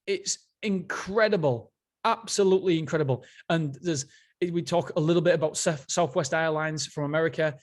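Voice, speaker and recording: A man hosting a casual solo book review, enthusiastic and rambling, often restarting his sentences. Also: a little high. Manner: enthusiastic, rambling, self-interrupting. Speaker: podcast host.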